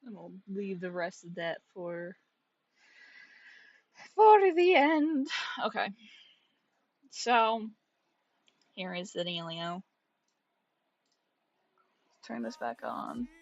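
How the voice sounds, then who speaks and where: A woman's voice: mid-range voice, lively intonation, very slow, gravelly, pauses often, muffled recording. A young woman streaming while she draws, chatting casually, swearing freely and laughing often as she talks to her cat. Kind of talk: casual live-stream chat while drawing.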